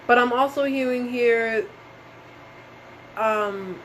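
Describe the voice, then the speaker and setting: A woman's voice: on the high side, slow pace, slight background noise, rough recording. A woman doing a casual live-stream tarot reading, talking straight to her viewers, calling them y'all and swearing now and then. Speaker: tarot reader.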